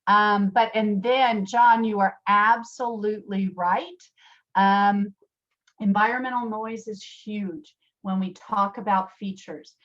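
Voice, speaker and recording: A woman's voice: medium pitch, steady tone, takes it slowly, fairly bright tone, dull audio. A woman presenting a virtual workshop, chatty with many fillers and restarts, addressing attendees by name and telling classroom stories. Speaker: special education teacher. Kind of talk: virtual workshop talk with storytelling. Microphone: video call.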